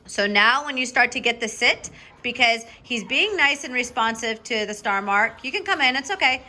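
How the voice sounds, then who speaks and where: During a live lesson, a woman dog trainer guides her student briskly and directively, staying upbeat and checking in often with "okay?". Her slightly high voice sounds clear and bright, and now and then she breaks into lively, high praise for the dog.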